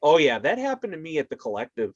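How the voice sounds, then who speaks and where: A man's voice: a little high, wildly swooping pitch, quick pace, no echo. Laid-back man on a dull lo-fi mic. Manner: laid-back, cheers on his co-host with short interjections. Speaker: wrestling referee, podcast co-host. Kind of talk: casual podcast chat.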